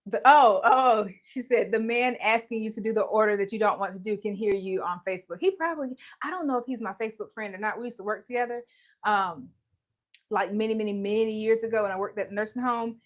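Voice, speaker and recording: Here a mid-range female voice speaks fast. She hosts an easygoing embroidery livestream from her home, joking and chatting, laughing frequently and greeting viewers by name into a live-streaming microphone.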